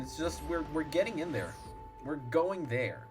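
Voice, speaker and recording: A man's voice: on the high side, lively intonation, measured pace, soft background music. A man casually commenting while streaming a game, playful and rambling, humming little sound effects.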